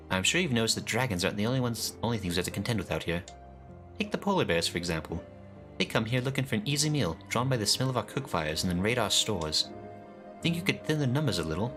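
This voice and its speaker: A man voicing a gruff woman camp scout who talks bluntly and briskly. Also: on the low side.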